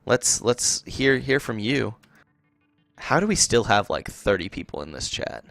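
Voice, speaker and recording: A man's voice: mid-range voice, big pitch swings, measured pace, creaky, fairly bright tone, no echo. A man with a mid-range voice co-hosts a live draft stream in casual chat. He talks loosely and hesitantly, with plenty of fillers, over faint music. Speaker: stream co-host.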